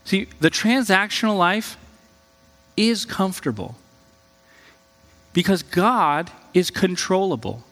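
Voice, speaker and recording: Man, pastor, sermon, high voice, conversational, animated, long hall reverb. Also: slow, long pauses. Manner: conversational, animated, jumps in pitch for quoted voices.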